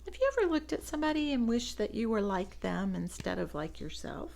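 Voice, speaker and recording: A woman reading a picture book aloud to children, gently pointing out the pictures and laughing softly. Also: mid-range voice, sing-song, a little fast, vocal fry.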